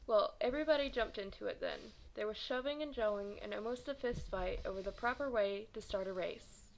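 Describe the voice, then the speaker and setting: Young woman reading aloud, gravelly voice. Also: medium pitch, brisk, few pauses, a little hiss or hum, low-quality recording. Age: 20s. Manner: steady reading with occasional stumbles and self-corrections. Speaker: reader of a children's novel. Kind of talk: storybook read-aloud.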